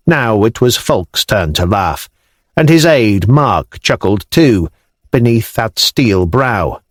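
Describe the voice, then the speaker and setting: A man narrating an audiobook in a measured, expressive way, recorded on a close studio mic. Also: fairly low pitch, no echo. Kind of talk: scripted narration.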